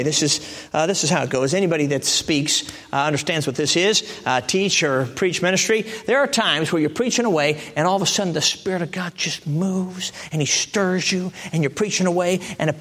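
A man preaching a sermon in a conversational way, jumping to emphatic high peaks and then dropping to soft, hushed lines. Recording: long reverb of a large hall.

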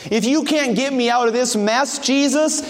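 A man's voice: very high voice, moderate pace, long reverb tail. A man voicing a desperate, mocking male criminal dying on a cross, who pleads to be saved. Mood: scornful. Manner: pleading, then scornful.

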